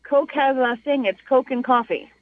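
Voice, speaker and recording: A woman's voice: high voice, normal speed, slight background noise. A woman calling in to a radio show and chatting casually. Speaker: caller, host's wife. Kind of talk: casual phone-in chat. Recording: dull dry phone line.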